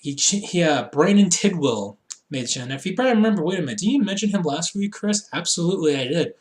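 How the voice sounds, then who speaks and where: A man's voice: fairly high pitch, animated, fast talker. A young man recapping a wrestling show in a casual, rambling, jokey way, often acting out quotes in silly voices.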